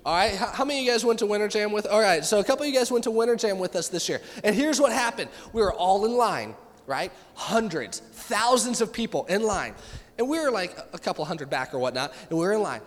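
Animated high-voiced male preacher. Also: fast talker, in a large hall. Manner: animated, acts out quoted voices. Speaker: youth pastor. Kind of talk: sermon.

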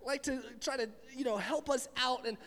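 A man with a notably high voice delivers a relaxed youth sermon, full of jokes and rambling asides to his audience. The hall around him rings with long reverb. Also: moderate pace. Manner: chatty, joking, rambling asides. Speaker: youth pastor. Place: church hall with live audience.

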